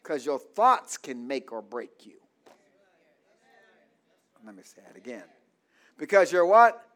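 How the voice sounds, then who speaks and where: This pastor preaches a call-and-response sermon in church, pausing mid-line so the congregation can finish his words and circling back to key phrases. His voice runs on the high side with wide swings in pitch, a slightly bright quality, and an unhurried pace.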